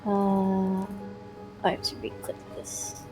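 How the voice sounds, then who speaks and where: A young woman playing in a tabletop game, chatty and quick to laugh. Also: mid-range voice, monotone, music in the background. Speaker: player. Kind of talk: casual tabletop play.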